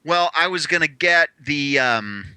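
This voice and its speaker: A male co-host with a very bright, forceful voice, recorded dry and close. He rambles casually and fills his talk with fillers. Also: fairly high pitch, expressive, a little slow, smooth, no echo. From Southern California. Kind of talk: podcast chat.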